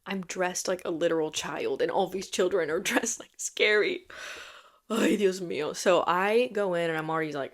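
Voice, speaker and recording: Young woman, kinda low voice, chatty self-roasting podcast storyteller, whispers the punchlines. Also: normal speed. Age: young adult. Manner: chatty, self-mocking, animated storytelling with frequent laughs and dropped whispers. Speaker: podcast host.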